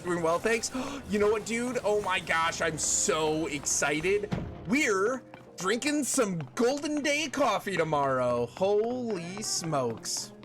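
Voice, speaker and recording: Lively playful man streaming a game. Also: high voice, slow. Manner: playful, sings snatches of songs, greets viewers by name. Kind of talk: casual gameplay chat with chat readers. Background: game music.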